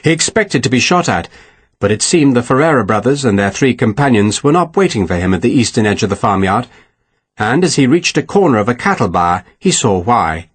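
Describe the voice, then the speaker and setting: A man narrating an audiobook with expressive, dramatic reading. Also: mid-range voice, brisk, breathy edge.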